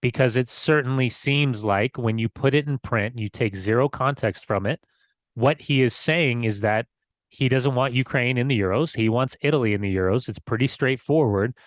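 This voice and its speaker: A man co-hosting a podcast, a former player chatting casually, relaxed with halting restarts. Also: mid-range voice, no room sound, clean studio sound. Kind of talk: casual chat.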